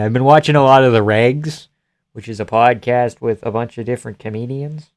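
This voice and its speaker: Young man, from the Boston area, live streamer, casual chat, crude jokes, mid-pitched voice, dry close sound. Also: a little fast, a little mellow, no echo. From Boston area, USA. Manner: joking, profane, laughs often.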